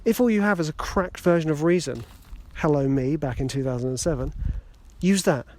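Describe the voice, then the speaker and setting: A man's voice: on the high side, brisk, a little mellow, slight background noise. A middle-aged man hosting a podcast in a casual, self-deprecating way with joking asides, talking into a phone in his hand while walking through a wood. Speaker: podcast host. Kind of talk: casual motivational podcast talk. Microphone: phone held in hand.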